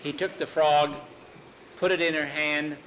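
A man telling a homespun story aloud, halting with fillers as he goes. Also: a little high, steady tone, a bit bright, slight background noise, rough recording. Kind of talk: folksy oral storytelling.

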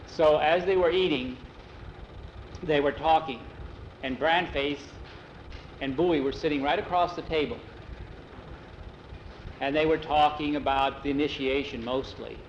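A man narrating a homespun story in an easygoing, unhurried manner. His voice sits a little high for a man. The recording sounds roomy and dull, like an old lo-fi tape. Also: a little hiss or hum. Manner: unhurried, homespun, acts out the characters. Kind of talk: oral storytelling.

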